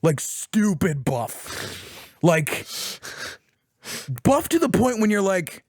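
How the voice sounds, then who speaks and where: A man's voice: sits high, extremely slow, no echo, studio quality. A young man on a podcast, casually recapping a story, swearing and acting out other people's lines. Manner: animated, profane storytelling recap; acts out quotes in put-on voices. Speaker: podcast co-host.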